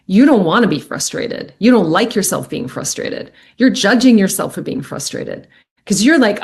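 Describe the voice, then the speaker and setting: Earnest woman, animated and expressive. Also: medium pitch, normal speed. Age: middle-aged. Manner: earnest, animated, acts out quoted speech. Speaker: podcast guest, medical intuitive. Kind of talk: reflective podcast conversation.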